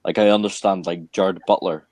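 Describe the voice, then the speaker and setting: A man's voice: low voice, fairly even intonation, fairly quick, darkish tone, no echo. A young man giving casual, hesitant answers as an actor in an interview. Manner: hesitant, many fillers and restarts.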